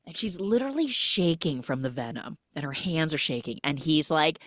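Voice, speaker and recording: Animated woman recapping a film. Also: sits low, moderate pace, dry recording, studio quality. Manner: animated storyteller acting out quotes. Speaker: podcast host.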